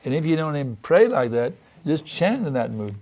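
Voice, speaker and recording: Guy preaching a sermon, kinda gravelly, gets all earnest and pleading on the prayer bits. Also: fairly high pitch, big pitch swings, brisk, a little mellow. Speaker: spiritual teacher.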